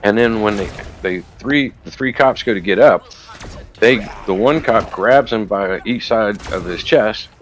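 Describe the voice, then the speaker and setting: A man's voice: lowish voice, a little slow, a little hiss or hum. A man casually retelling a story while gaming, rambling and profane. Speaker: gamer recounting a news video.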